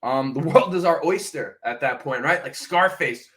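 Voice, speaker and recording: This man, a podcast host, speaks at a normal pace in a mid-range, somewhat bright voice. Hedging frequently with "uh" and "right?", he thinks aloud through laid-back fan commentary, pausing to sip coffee and let out a short cough.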